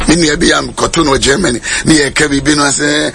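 A Ghanaian man preaching a sermon in a shouting, sing-song style. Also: a little high, fast talker, gravelly, few pauses, a little hiss or hum.

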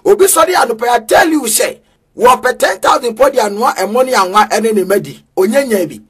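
A man preaching an energetic street sermon, chanting in a sing-song way with bursts of shouting. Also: extremely high pitch, a little fast, husky.

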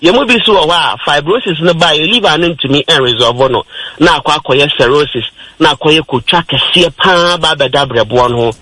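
Bright Ghanaian man explaining health on radio. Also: on the high side, a little fast, slightly rough, no echo, low-quality recording. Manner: explains step by step, mixing in English terms. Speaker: health talk radio presenter. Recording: radio broadcast.

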